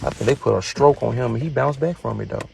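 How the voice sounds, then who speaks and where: Gravelly, profane man ranting casually. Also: fast, background noise. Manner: profane, gossipy, breaks into high falsetto singing and mimicry. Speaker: streamer. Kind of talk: casual rant.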